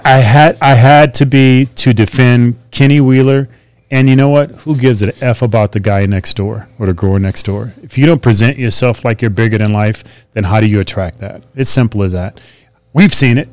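A man's voice: mid-range voice, moderate pace, darkish tone, dry recording. A man speaking as a podcast guest, telling candid and emphatic stories about himself in an earnest, confessional way. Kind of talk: candid interview storytelling.

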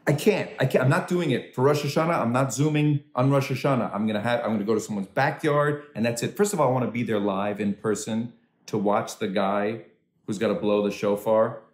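A man doing a stand-up comedy set from home over a video call, animated and swooping into high voices for quoted people. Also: fairly quick, roomy sound. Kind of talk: stand-up comedy set for a virtual charity dinner.

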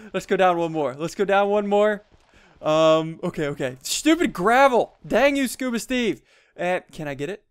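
Excitable young guy narrating gameplay. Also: high-pitched, normal speed, clean tone. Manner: excitable, laughs often, jumpy, frequent gasps and yelps. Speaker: gaming YouTuber. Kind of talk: Let's Play commentary.

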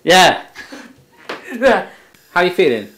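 A man's voice: sits high, big pitch swings, takes it slowly, fairly bright tone, a little hiss or hum. A young man hosting a cooking video in a home kitchen, chatty and teasing as he talks through the steps. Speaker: cooking show host. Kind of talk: casual cooking chat.

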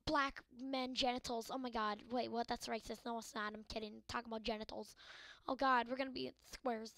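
A young woman with a fairly high voice gives hyper, goofy let's-play commentary, joking and rambling as she plays. The sound is close and dry, straight into a desk mic. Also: steady tone, brisk, a bit bright, no room sound. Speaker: gaming video host.

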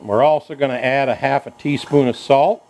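A man's voice: mid-range voice, steady tone, moderate pace, background noise. A man hosting a home cooking show, telling stories in a chatty, folksy country way while he cooks in his kitchen. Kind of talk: folksy storytelling cooking demo.

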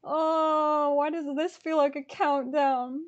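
A woman vlogging live as she tries to buy concert tickets, anxious and excitable, swinging from shrieks to mutters. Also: high voice, slow, muffled recording. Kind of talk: live reaction vlog.

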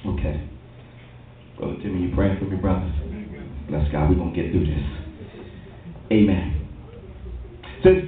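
A man pastor preaching a sermon in a church, lively and calling for responses. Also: mid-range voice, moderate pace, long pauses, slight background noise. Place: church hall. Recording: tinny, distant, very echoey church recording.

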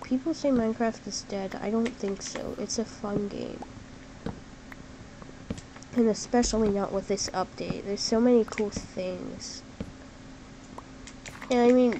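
A woman talks her way through a computer game in an unhurried, drawn-out way, her voice sitting a little high. She is chatty and excitable, leans on "like" constantly and breaks into sudden shouts. Faint keyboard typing sits underneath. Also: a little hiss or hum, poor audio. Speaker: gameplay commentator. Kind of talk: casual game commentary. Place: at a computer while gaming.

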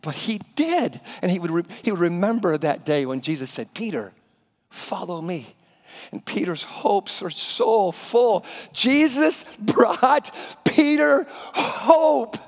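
Animated male pastor preaching in a hall. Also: slow pace, gravelly. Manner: animated, drops to a hushed low voice for emphasis. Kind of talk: sermon. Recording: reverberant church hall.

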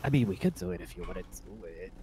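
A man with a lowish voice trading in-character banter during a role-play game. He keeps a dry, joking manner as he talks through plans. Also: animated, quick pace, warm tone, slight background noise. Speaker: fellow role-play player.

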